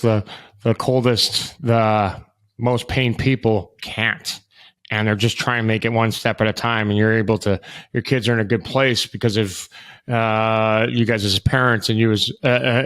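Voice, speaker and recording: A man's voice: lowish voice, fairly bright tone. A man talking as a podcast guest and youth hockey coach, in a blunt, rambling way with frequent restarts and some swearing. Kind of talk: candid casual conversation.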